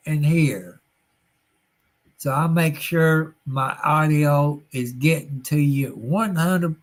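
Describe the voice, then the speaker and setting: A man hosting a casual livestream chat, folksy and drawn out, chuckling now and then. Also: fairly high pitch. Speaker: livestream host.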